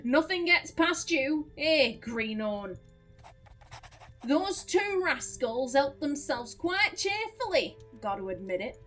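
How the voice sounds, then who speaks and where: A woman voicing a gruff old male farmer who guards his pig, in a grumbling put-on accent, while playing a game. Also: high-pitched, sing-song, slow, a bit bright, soft background music, full character voice. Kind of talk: game let's play, reading dialogue aloud.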